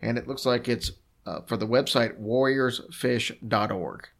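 A man's voice: medium pitch, measured pace, vocal fry. A man co-hosting a podcast in easygoing, rambling casual chat, with plenty of fillers. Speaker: podcast co-host.

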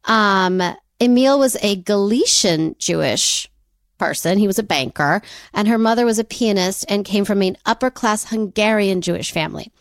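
A woman co-hosting a podcast, telling a story in a chatty, animated way with jokey asides and frequent laughs. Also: medium pitch, normal speed, no echo, studio quality. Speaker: podcast co-host. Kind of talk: casual storytelling chat.

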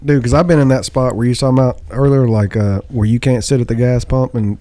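A man's voice: mid-range voice, fairly even intonation, fast, dark tone, dry recording. A married man co-hosting a podcast, talking casually in an earnest, rambling way with some swearing. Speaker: podcast co-host. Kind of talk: casual chat.

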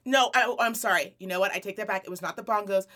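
A woman's voice: medium pitch, quick pace, fairly bright tone. A woman hosting a podcast, telling stories in casual chat, swearing freely and laughing often. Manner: profane, laughing storyteller. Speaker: podcast host.

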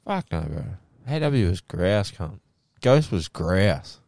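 A young Australian man with a very low voice tells stories in a loose podcast chat. He is animated and swears constantly. The sound is dry and close. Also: slow pace, vocal fry, no echo. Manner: animated storytelling, heavy swearing. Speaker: podcast co-host. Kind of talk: casual chat.

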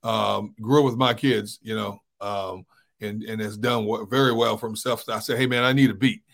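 A man's voice: fairly low pitch, fairly even intonation, moderate pace, gravelly, a bit bright. A middle-aged man hosting a sports talk show, easygoing, telling stories and giving pep talks. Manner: easygoing, storytelling, preachy at times. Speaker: sports radio host.

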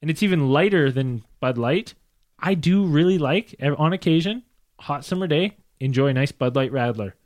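A Canadian man co-hosts a podcast from a home recording studio, chatting casually, joking playfully, and reading viewer chat messages aloud. His voice is a little high and expressive, with a moderate pace. It is captured on a studio mic with no room sound.

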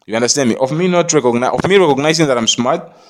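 Man, mid-pitched, vlogging a meandering, preachy monologue that loops back on itself. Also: fast talker, background noise. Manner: rambling, repetitive, preachy, swears, keeps asking "you understand me?". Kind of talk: rambling monologue to camera.

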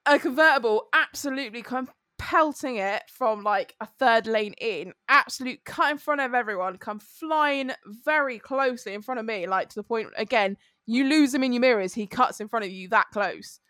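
Animated woman. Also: a little high, moderate pace, few pauses, dry recording. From England. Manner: animated storytelling, swears freely. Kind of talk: casual chat.

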